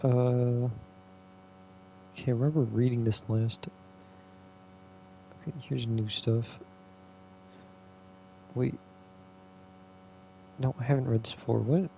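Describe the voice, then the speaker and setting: A man's voice: mid-range voice, steady tone, takes it slowly, vocal fry, long pauses, warm tone, a little hiss or hum, poor audio. A man playing a game, reading in-game texts aloud and musing on the clues. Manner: musing, reacting aloud as he reads. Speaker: game player. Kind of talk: let's play commentary, reading in-game texts.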